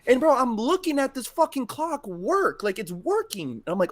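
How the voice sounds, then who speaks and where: A man's voice: high-pitched, very animated, normal speed, hardly any pauses, no room sound. A man co-hosting a podcast, telling a personal story in casual, emotional talk with plenty of swearing. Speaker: podcast co-host. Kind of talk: casual chat.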